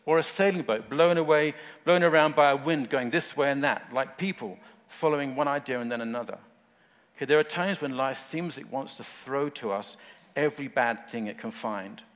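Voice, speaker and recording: A man preaches in short, earnest phrases at a middling pitch, pressing his points with fervent weight. His voice rings out with a long hall reverb. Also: moderate pace. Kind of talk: sermon.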